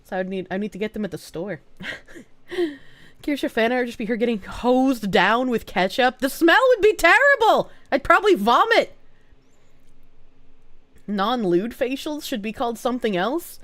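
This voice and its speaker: A woman's voice: on the high side, lively intonation, moderate pace, long pauses, no echo. A young woman streaming and chatting casually with her viewers. She swears freely, laughs often, and talks around a sore, swollen tongue. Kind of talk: casual live-stream chat.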